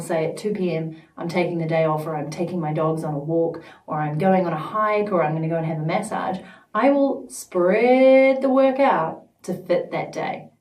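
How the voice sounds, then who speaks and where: Emphatic woman vlogging in an echoey room. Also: on the low side. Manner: lively, emphatic and playful, with mock voices. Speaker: vlogger and business coach. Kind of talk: direct-to-camera vlog. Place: studio at home. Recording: echoey room, mic at a distance.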